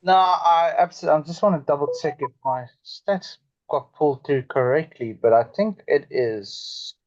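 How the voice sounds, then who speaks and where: A man co-hosting a casual rugby podcast, halting and full of fillers as he works through results. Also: a little high, animated, highs cut off. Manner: hesitant, many fillers, halting. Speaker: podcast co-host.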